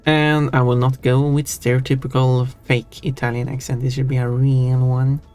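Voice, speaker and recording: A man talks casually with his viewers during a gaming stream, rambling and amused at himself. His voice sits at an ordinary pitch for a man. Soft music plays faintly behind him. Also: little pitch movement, normal speed, clean tone. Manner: chatty, self-amused, restarts and trails off. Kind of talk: casual chat while gaming.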